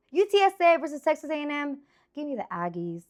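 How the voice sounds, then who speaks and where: Chatty, animated woman in her thirties. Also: sits high, brisk. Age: 30s. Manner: animated, rambling, exclamatory. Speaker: sports picks host. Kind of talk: casual chatty sports picks.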